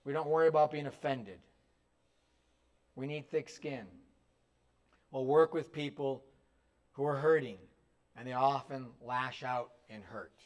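A man's voice: medium pitch, fairly even intonation, a little slow, pauses often, muffled recording. A male pastor preaching a sermon, urging his listeners directly and with emphasis. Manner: emphatic, direct exhortation to the congregation.

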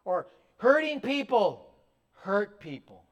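A man with a notably high voice delivers a sermon as a pastor. He speaks in an emphatic, exhorting way, pressing his points straight at his listeners. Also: big pitch swings, slow pace. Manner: emphatic, direct exhortation to the congregation.

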